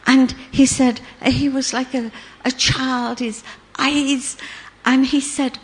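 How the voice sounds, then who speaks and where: Older woman, storyteller; slow, pausing, relaxed delivery with a slightly high voice. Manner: unhurried, halting storytelling with many pauses and fillers. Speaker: storyteller sharing memories. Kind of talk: casual spoken recollection.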